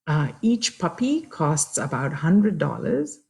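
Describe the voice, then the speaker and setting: A woman's voice: low voice, sing-song, slow, creaky, dark tone, full character voice. A woman voicing a blunt adult male pet shopkeeper in a told story, matter-of-fact and talking down kindly.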